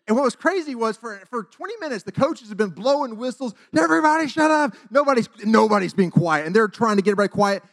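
A man preaching a testimony as a sermon, telling his story with acted-out dialogue and big swings between loud and hushed. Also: sits high, expressive, fast, hardly any pauses.

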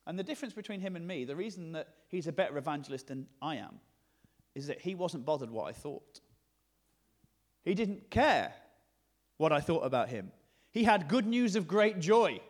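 Northern English male preacher, high and highly animated voice, chatty humorous sermon delivery. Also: a little fast. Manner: lively, conversational, jokey preaching with sudden shifts between hushed and loud. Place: church hall.

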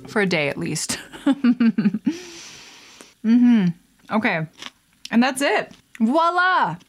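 A woman's voice: a little high, very animated, slow, background noise. A young woman vlogging casually while she mixes a drink, chatty and playful, with frequent laughs and asides.

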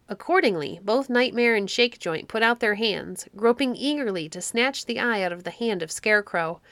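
A woman reading a children's classic story aloud, with expressive narration. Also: mid-range voice, normal speed, hardly any pauses, dry recording.

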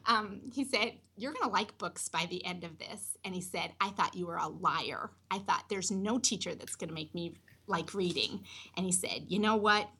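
A woman high school teacher telling an emotional personal story about a student. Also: expressive, normal speed, sharp tone, breathy edge.

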